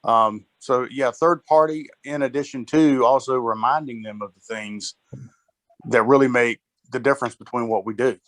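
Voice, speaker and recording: A man's voice: mid-range voice, fairly even intonation, normal speed, a bit bright, no echo, rough recording. A man on a sales team call, speaking in a rambling way full of fillers. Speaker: sales agent. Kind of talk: team call, casual chat.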